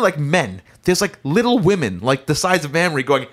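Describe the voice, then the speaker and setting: A young man in casual chat, telling a lively story and acting out the voices of people in it. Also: fairly high pitch, normal speed, very noisy. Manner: animated, acts out voices in stories.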